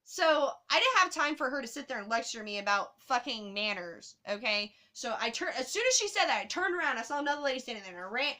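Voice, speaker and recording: A woman telling a travel story to her camera in a casual, animated way, swearing often. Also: on the high side, fast, hardly any pauses.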